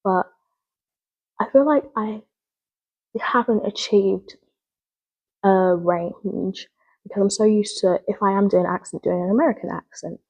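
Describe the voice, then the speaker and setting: A young woman reflects on camera in an earnest, rambling way, often stopping to correct herself. Her voice is soft and breathy at a middling pitch. It sounds like a casual student video diary. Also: unhurried, long pauses, lo-fi sound. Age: young adult. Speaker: drama student. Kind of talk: spoken reflective video log.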